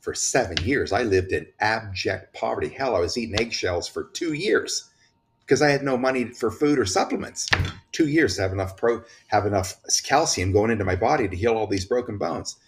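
A man's voice: fairly low pitch, lively intonation, a little fast. A man talking in an impassioned, preachy way, issuing urgent warnings as a commentator. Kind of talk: impassioned political talk.

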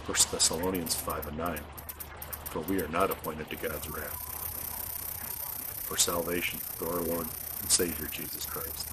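A man with a very low voice gives an earnest religious monologue, pausing and leaning hard on certain words. Steady noise and passing vehicle sounds sit under the voice. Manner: earnest, halting, stressing words. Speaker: video host.

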